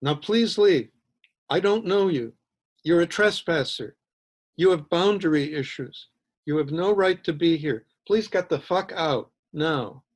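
A man reading aloud who voices an angry young mother confronting a stranger, in a sharp, insistent, raised manner. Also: a little high, expressive, slow. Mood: indignant.

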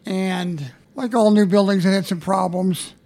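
A man's voice: steady tone, measured pace, gravelly, a little mellow. A man, a theatre stage manager, telling backstage stories in a dry, understated way as a guest on an interview show. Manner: dry, understated, low-key. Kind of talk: casual interview storytelling.

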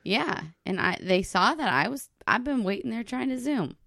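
A woman's voice: fairly high pitch, lively intonation, moderate pace, creaky, fairly bright tone, dry recording, studio quality. A woman guest on a podcast, chatting casually and chiming in on the host's stories. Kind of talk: casual chat.

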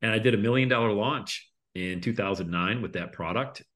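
A man being interviewed as a guest, telling a story casually. His voice jumps up for the punchlines and trails off quietly at the ends of phrases. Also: brisk. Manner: lively storyteller, voice jumps up for punchlines then drops low. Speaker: interview guest, speaker and coach.

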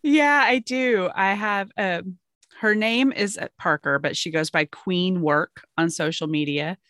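A woman's voice: lowish voice, measured pace, fairly bright tone, dry recording. Chatty woman co-host, dry sound. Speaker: podcast co-host. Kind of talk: casual discussion.

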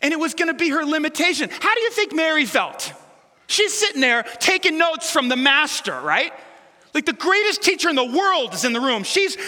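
Male pastor, high bright voice, chatty and playful sermon, big hall reverb. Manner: conversational, playful preaching with asides and self-correction. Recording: long reverb of a large hall.

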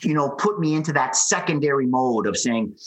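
A man, a podcast guest who tells his story in an animated way and acts out the people he quotes. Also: medium pitch, brisk, husky, low-quality recording.

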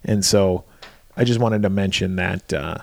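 Swearing freely and leaning on fillers, a man co-hosting a podcast loosely walks through a movie's plot in casual recap chat. He speaks a little slowly in a low voice with vocal fry, and the recording is dry.

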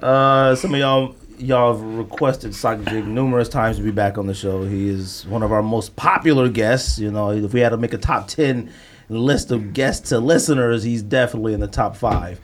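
A man hosting a podcast in casual chat, telling stories in an animated way and laughing often. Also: lowish voice. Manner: animated storytelling, quick to laugh. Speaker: podcast host.

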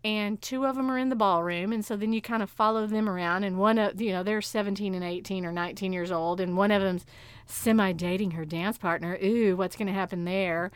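Woman cohost gushing about tv shows, laughs a lot, smooth voice, dry sound. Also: mid-range voice, brisk, no room sound. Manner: animated, laughs often while recommending shows. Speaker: podcast co-host. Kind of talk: casual chat.

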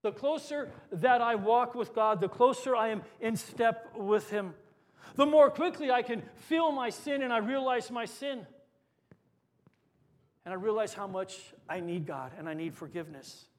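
A man, a pastor, preaching a sermon with swings between forceful lines and hushed, quiet emphasis. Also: extremely high pitch, a little slow. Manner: dynamic preaching, dropping to hushed tones for emphasis.

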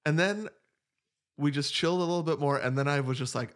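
A man's voice: on the high side, brisk, a bit bright. A man in his forties co-hosting a podcast, easygoing and jokey as he recaps a visit. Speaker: podcast co-host. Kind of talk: casual chat.

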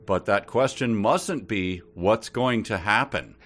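A man's voice: fairly low pitch, lively intonation, takes it slowly, a bit bright, slight background noise. A man reading as a teasing omniscient voice. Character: playful omniscient male voice, teasing, bossy.

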